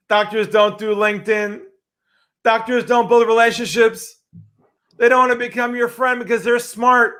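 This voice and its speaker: A man speaking as a sales expert guest in a podcast interview, animated and emphatic. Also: sits high. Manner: animated, acts out quoted voices, emphatic.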